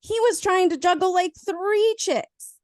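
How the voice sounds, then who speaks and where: A woman's voice: very high voice, measured pace, no room sound. A woman co-hosting a casual movie review chat, teasing, laughing often and arguing back. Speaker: podcast co-host.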